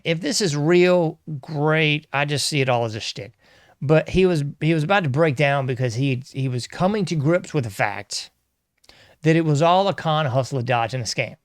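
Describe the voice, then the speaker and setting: A man with a voice on the high side hosts his own podcast, offering casual solo commentary that rambles, turns sarcastic and breaks into frequent laughs. The studio recording is clean, without any room sound.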